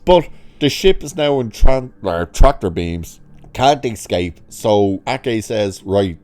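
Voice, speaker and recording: A man giving a sarcastic, exasperated review of a TV episode, swearing freely and swinging his pitch up sharply when he mocks it. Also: expressive, takes it slowly, darkish tone. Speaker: show reviewer.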